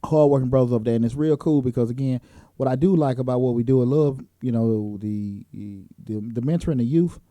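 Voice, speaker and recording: In a relaxed, jokey manner full of filler words, a male host keeps his talk show casual. He speaks at a moderate pace in a mellow, mid-range voice, recorded dry.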